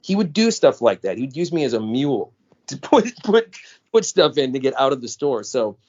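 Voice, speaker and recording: This American podcast co-host speaks at a medium pitch and a slightly fast pace, telling stories in a relaxed chat. He performs the quoted voices with animation, though the recording sounds dull and lo-fi.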